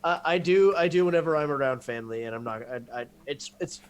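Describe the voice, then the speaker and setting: Stammering American man, slightly high. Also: fast talker, clean tone. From southern United States. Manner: stammering, repeats words when starting sentences. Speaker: podcast co-host. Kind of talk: casual banter podcast. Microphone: desk podcast mic.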